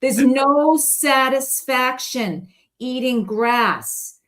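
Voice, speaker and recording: A woman's voice: sits high, drawn-out words, fairly bright tone. A woman guest in casual conversation, telling stories in a chatty way and laughing often. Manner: chatty storytelling with frequent laughs.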